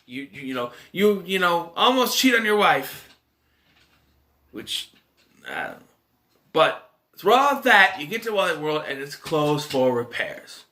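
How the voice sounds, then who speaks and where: Male movie reviewer, casual and rambling, bright voice, lively pitch. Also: unhurried, pauses often. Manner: rambling, animated, lots of restarts and filler.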